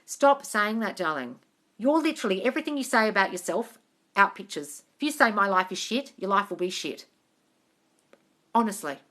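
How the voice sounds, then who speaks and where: A woman's voice: mid-range voice, very animated, a little fast, pauses often, sharp tone. A woman with an Australian accent hosting a casual live-stream Q&A as a manifestation coach, reading out viewer comments. She talks bluntly, swears freely and calls her viewers darling. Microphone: phone on a live stream.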